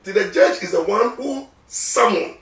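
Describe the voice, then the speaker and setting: A man's voice: high voice, lively intonation, a little slow, a bit bright. A man with a Ghanaian accent, a lawyer talking emphatically in an interview, repeating words as he goes. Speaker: lawyer guest. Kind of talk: animated interview talk mixing Twi and English. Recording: echoey room, mic at a distance.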